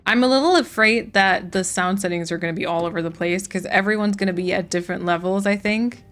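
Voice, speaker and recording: A medium-pitched, fairly bright voice moves at a quick pace over faint background music. The woman is playing a farming game on stream, chatty and casual, reading and replying to chat in between gameplay.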